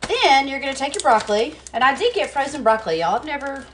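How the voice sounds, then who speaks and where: A woman's voice: sits high, very animated, fast, noisy background. Chatty woman cooking at home. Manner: chatty, talks to herself while working, laughs at herself. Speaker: cooking vlogger. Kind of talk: casual cooking demo chat. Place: home kitchen.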